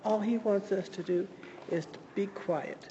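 A woman guest sharing a personal faith story, earnest and halting, with frequent restarts. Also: medium pitch, dark tone, big-room sound, muffled recording, slight background noise.

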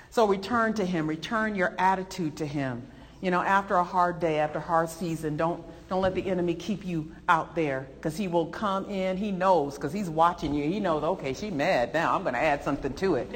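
A woman's voice: fairly low pitch, moderate pace. Woman preaching in an echoing hall. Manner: animated, emphatic, voices rising with feeling. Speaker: preacher teaching a Bible lesson. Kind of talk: sermon.

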